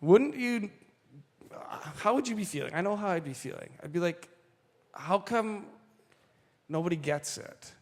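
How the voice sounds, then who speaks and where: Male pastor, high-pitched, animated sermon delivery, reverberant hall. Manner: animated, slows for quoted lines, asides to the congregation. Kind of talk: sermon reading and commenting on scripture.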